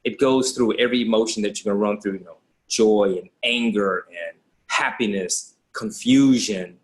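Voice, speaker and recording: A man's voice: lowish voice, moderate pace. A man guesting on a casual podcast, talking through a film in a thoughtful way and often restarting his sentences. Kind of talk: casual movie discussion.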